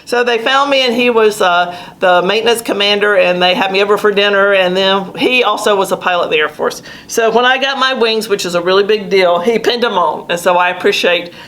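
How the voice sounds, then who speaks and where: A woman's voice: mid-range voice, a little fast, few pauses, fairly bright tone, rough recording. Southern woman telling service stories. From South Carolina, US. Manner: storytelling, laughs while recalling. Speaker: Air Force veteran and pilot. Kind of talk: recorded oral history interview.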